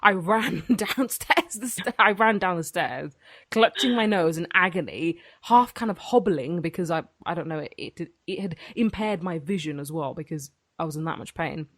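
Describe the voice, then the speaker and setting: A woman's voice: on the low side, animated, normal speed, fairly bright tone, no room sound, clean studio sound. A woman in her early twenties chatting casually, telling a vivid, sweary story and acting out the dialogue. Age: early 20s. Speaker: podcast host.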